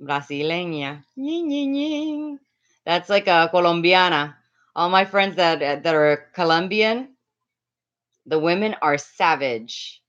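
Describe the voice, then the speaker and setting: A woman from Latin America chatting loudly and quickly on a live stream, reading and answering viewers' comments with frequent laughs. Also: sits low, muffled recording. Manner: loud, fast, laughs often. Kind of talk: casual live-stream chat.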